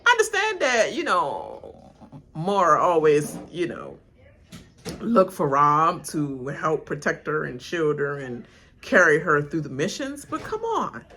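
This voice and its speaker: A woman hosting a casual reality TV reaction video, animated and laughing, loudly mimicking the cast as she comments. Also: sits low, a little slow, a little hiss or hum. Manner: animated, laughing, mimics cast members with loud yelled names.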